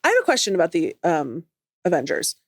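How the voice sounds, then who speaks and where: A woman's voice: on the low side, huge pitch swings, fast, no room sound, studio quality. A woman co-hosting a podcast, bantering in a playful, quizzical way in casual chat. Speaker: podcast co-host.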